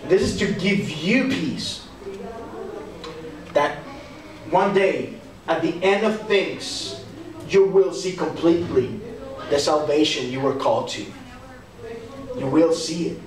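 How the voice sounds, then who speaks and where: A young man with a Texan accent giving an animated, conversational youth sermon and acting out quotes. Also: fairly high pitch, measured pace, recorded from a distance. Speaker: youth pastor. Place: church hall. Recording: echoey hall, speaker off-mic. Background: audience answering now and then.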